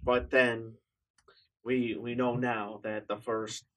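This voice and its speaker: A man's voice: medium pitch, flat delivery, takes it slowly, a bit bright, low-quality recording. A young man in a casual chat, recounting events hesitantly with many fillers.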